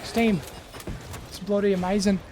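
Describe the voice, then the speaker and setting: Dude doing a cheesy fake aussie bloke, drawly, lots of noise behind. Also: male voice, high voice, fairly quick, close to an everyday voice. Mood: hammy. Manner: exaggerated slangy drawl. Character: mock Australian bloke hyping a game. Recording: loud background noise.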